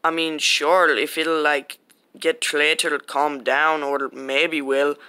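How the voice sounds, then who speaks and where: A man plays a laid-back young housemate who chats loosely, full of "I mean" and "like." His voice sits a little high and very bright, with a crisp, clean tone. It's homemade skit acting. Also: flat delivery, takes it slowly.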